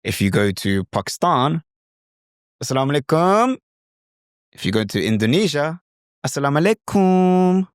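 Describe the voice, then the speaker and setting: Lively British man, dry close sound. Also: on the low side, no room sound. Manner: lively, demonstrative, slips in and out of mimicked accents. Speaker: podcast host. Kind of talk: instructional podcast talk.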